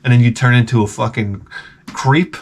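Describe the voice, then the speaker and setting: A middle-aged man in a rambling vlog, his voice at an ordinary middle pitch. He tells stories in a loose, profane way and keeps breaking into loud, mock-outraged exclamations. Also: normal speed, slightly rough. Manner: excitable, profane, jokey, with sudden loud exclamations. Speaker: video game vlogger. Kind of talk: rambling casual storytelling.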